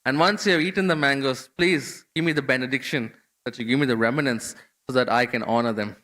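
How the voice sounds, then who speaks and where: A man's voice: mid-range voice, a little fast, big-room sound, natural voice. A man doing an effusive, fawning devotee. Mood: flattering. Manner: effusive, flattering. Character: fawning humble male devotee praising his host.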